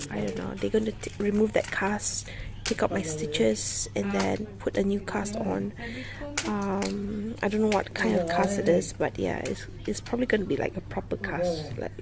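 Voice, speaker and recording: A woman's voice: medium pitch, fairly even intonation, moderate pace, gravelly, over a noisy crowd. A woman vlogger and mother chatting casually in a rambling story-time vlog, with many restarts and fillers.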